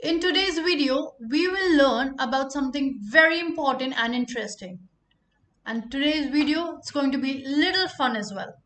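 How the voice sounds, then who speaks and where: A woman teaching pronunciation, repeating each word slowly for emphasis. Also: high voice, background noise. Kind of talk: pronunciation lesson.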